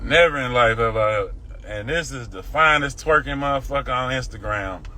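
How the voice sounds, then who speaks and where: A man's voice: mid-range voice, brisk, sharp tone. A middle-aged man with a Houston accent ranting bluntly and profanely on a phone livestream. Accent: Southern US, Houston. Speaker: livestream host. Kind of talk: casual livestream rant. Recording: faint background noise.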